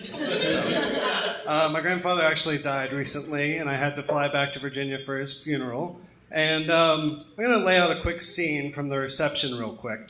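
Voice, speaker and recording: A young Southern American man does a self-deprecating stand-up set on a comedy club stage, saying "um" a lot. His voice is fairly high and sharp at normal speed, with crowd laughter in an echoey room.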